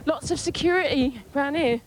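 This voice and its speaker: A woman radio reporter, doing a cheeky, jokey live report from the street. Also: sits high. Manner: cheeky, jokey, laughing often. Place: outdoors in a busy street, then a press room. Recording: outdoor street noise.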